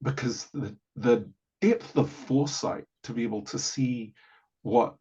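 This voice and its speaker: A man, a podcast guest telling a personal story in a lively way, full of "you know" asides. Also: medium pitch, measured pace, breathy edge. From New Zealand. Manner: animated, acts out quoted voices, many "you know" asides. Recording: dull lo-fi audio.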